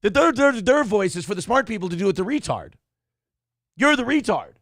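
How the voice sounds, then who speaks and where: A male host with a high, gravelly voice that swings wildly up and down, firing off sarcastic, profane jabs. His delivery is a mocking comedic rant. The sound is close and dry, with no room around it. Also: sing-song, fairly quick, fairly bright tone, no room sound. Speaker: podcast host.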